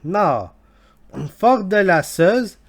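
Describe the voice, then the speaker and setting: A cheeky young intern , as a man puts him on, booms out in a hammy, fake Scottish accent. He sits noticeably higher and louder than the man's own voice and keeps a chirpy, mischievous edge. He stumbles through the text he is translating aloud at a slow, deliberate pace. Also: big pitch swings, exaggerated voice. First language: French.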